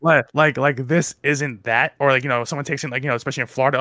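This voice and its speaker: A man's voice: mid-range voice, fairly even intonation, racing, pushed and bright, no room sound, clean studio sound. A young man co-hosting a casual podcast chat, rambling and restarting his sentences often. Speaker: podcast co-host.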